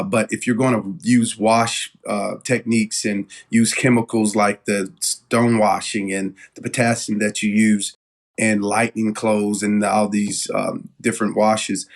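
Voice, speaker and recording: A man, a business owner telling stories as an interview guest in a casual, animated way with lots of fillers and restarts. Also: on the low side. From Knoxville, Tennessee.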